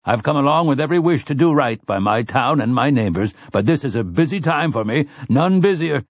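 A man's voice: medium pitch, lively intonation, brisk, no echo, pitched above the performer's own voice. A man voicing a brusque, pushy middle-aged farmer who cuts others off to get down to business. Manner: blunt, interrupting, businesslike.

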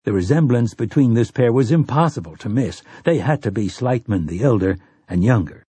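A man narrating a novel in steady, unhurried audiobook style. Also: mid-range voice, slightly rough, no echo. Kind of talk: scripted narration.

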